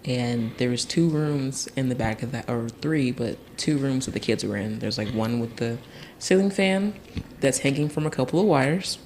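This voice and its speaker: A young man from Tennessee, guesting on a podcast, tells a childhood story casually and with animation, laughing and imitating other people's voices. He has a medium pitch and moderate pace, with slight background noise.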